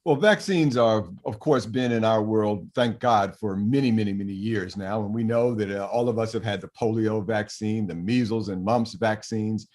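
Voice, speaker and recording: An older man, a physician guest, explaining things in an earnest, measured way with some fillers. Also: fairly low pitch, darkish tone. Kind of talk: explaining on a talk show.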